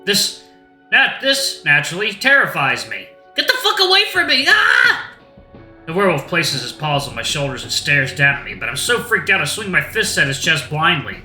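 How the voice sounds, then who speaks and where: A man's voice: on the high side, very animated, moderate pace, pushed and bright, reverberant, faint music behind. A man hosting a gaming channel who casually reads a story game aloud. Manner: casual and rambling, with slang. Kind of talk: reading a visual novel aloud.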